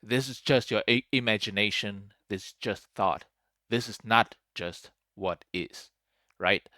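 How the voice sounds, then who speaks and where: A man giving casual reaction commentary as a spiritual commentator, rambling and musing with many fillers and trailing off quietly. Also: lowish voice, a little slow, no room sound, studio quality.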